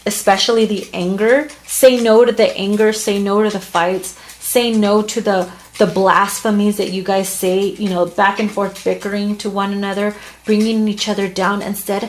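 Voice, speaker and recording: A woman's voice: medium pitch, a little hiss or hum. Earnest woman giving a tarot reading. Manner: earnest, heartfelt, with many restarts and fillers. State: emotional, near tears at times. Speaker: tarot reader. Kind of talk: casual tarot reading to camera.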